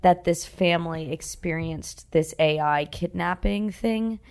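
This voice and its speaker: A woman podcast co-host in casual chat, reacting with quick interjections. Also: fairly low pitch, a little mellow.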